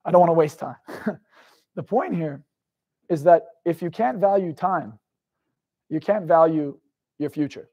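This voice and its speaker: A young man with a slightly high-pitched voice gives a live motivational talk. He tells a raw personal story with intensity and swears freely. He keeps turning to the audience with questions. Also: measured pace, long pauses, dark tone, lo-fi sound. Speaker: motivational speaker.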